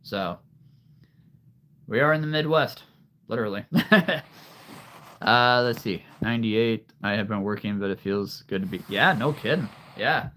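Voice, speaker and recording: A man's voice: on the low side, a little slow, pauses often, sharp tone, a little hiss or hum. A man from Nebraska, a livestream host chatting casually with viewers, laughing often. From Nebraska, USA. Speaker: livestream host showing a creature collection.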